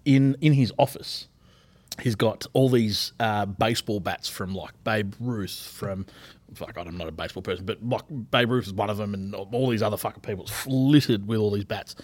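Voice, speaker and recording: A man's voice: fairly low pitch, normal speed, a little mellow, no room sound. Profane storytelling man. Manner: swears a lot, tells stories. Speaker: podcast co-host. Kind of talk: casual chat.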